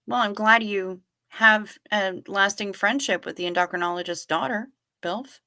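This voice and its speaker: A woman hosting a relaxed livestream, answering her chat with a wry, chatty delivery. Her voice sits in a middle pitch with a bright, forceful edge. She swears now and then in an easygoing way. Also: moderate pace. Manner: chatty and wry, casually profane. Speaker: livestream host reading viewer chat. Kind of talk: casual chat.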